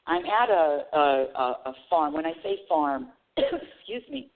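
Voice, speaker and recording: A woman hosting a live talk radio show, telling a story in a chatty way. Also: low-pitched. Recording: tinny phone line.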